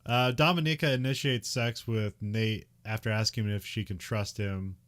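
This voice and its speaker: A man's voice: fairly low pitch, fairly even intonation, normal speed, fairly bright tone. A man co-hosting a podcast, recapping a film in casual chat, rambling with lots of fillers and little laughs. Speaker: podcast co-host.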